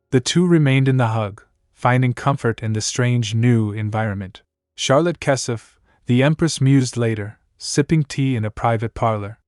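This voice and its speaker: A man's voice: mid-range voice, moderate pace, no echo, studio quality. Man narrating a comic recap. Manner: even storytelling read. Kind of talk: scripted narration. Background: faint music.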